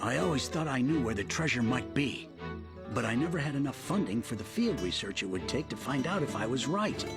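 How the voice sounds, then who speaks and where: A man voicing an anxious gravelly professor. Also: medium pitch, animated, brisk, loud music behind the voice, natural voice. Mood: earnest. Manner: earnest and explanatory, jumpy when scared. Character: anxious middle-aged male professor, frightened but determined. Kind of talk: anime English dub acting.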